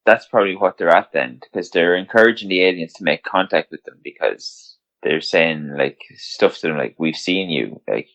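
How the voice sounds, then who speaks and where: A man's voice: deep voice, moderate pace, few pauses, muffled recording. A man co-hosting a casual podcast chat, laughing often as he relays news stories. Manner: laughs often, relaxed telling of news items. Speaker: podcast co-host.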